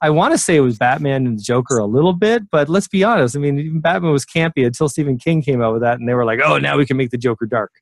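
A man's voice: a little high, expressive, fast talker, few pauses, no echo. A man in his sixties, a memory expert guest, talking casually in an interview with many fillers and restarts.

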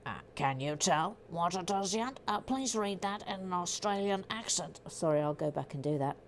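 A woman's voice: fairly low pitch, lively intonation, normal speed, slight background noise. Chatty, jokey woman, stream host reading out viewer comments mid-build. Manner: chatty, jokey, self-interrupting. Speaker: livestream host building a brick set. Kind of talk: casual chat while reading viewer comments.

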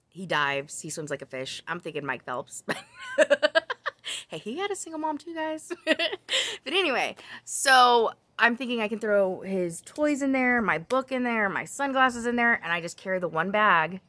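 A woman with a deep, bright, forceful voice vlogs about her crochet projects with no echo. Her chat is casual and rambling, wandering into side tangents, full of ums and self-corrections.

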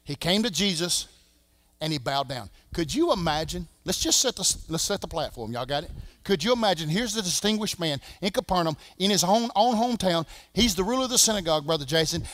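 A Southern man preaching a sermon as pastor, swinging from shouting to a hush. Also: high voice, animated, brisk, no echo, clean studio sound. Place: church sanctuary.

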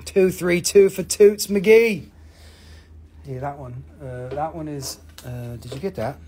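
A man's voice: on the high side, slow, warm tone. A man hosting a live stream that sells rocks, chatting in a profane, rambling way and laughing often. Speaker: host of a live rock sale. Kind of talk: live-stream sales chat.

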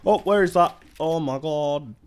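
A young man from Britain playing a video game with friends, excitable and laughing, swearing often as he talks on a headset. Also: on the high side, a little slow, clean tone. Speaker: gaming YouTuber. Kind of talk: casual gaming chat with friends.

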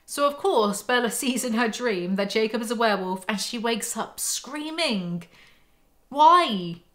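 A woman's voice: on the high side, lively intonation, moderate pace. A woman recapping a book in a casual, sarcastic way, full of mocking asides. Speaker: book commentary YouTuber.

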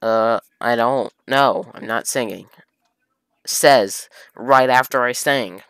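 A man reads a fan fiction aloud and keeps breaking off to mock it in an exasperated, sarcastic tone, swearing freely. His pitch sits in an ordinary middle range, and the recording is dry, with no room echo. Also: slow pace, fairly bright tone, clear, resonant tone. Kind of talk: comedic fan fiction reading with commentary.

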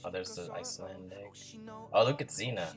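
Excitable low-voiced man reacting, music behind. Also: a little fast. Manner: excitable, gushing fan chatter. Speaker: reaction video host. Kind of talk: casual reaction commentary. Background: music playing from the video.

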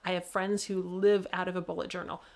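A woman's voice: on the low side, flat delivery, a little fast, vocal fry. Chatty woman host, laughing often. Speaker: author hosting a livestream show. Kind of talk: casual livestream talk.

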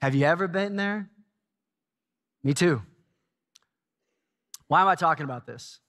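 A man in his forties preaching a sermon in a church, telling a self-mocking story with lively energy. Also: on the high side, a little slow. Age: 40s. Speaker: pastor. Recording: long hall reverb.

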